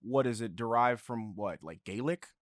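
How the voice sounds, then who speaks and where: A man talking as a podcast guest in casual chat, relaxed and hesitant, often trailing off with fillers. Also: mid-range voice, moderate pace, no room sound, studio quality.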